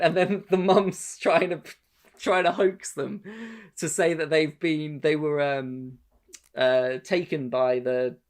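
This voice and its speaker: Man, podcast co-host, casual rambling talk, frequent swearing, plenty of restarts. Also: a little high. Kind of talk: casual chat.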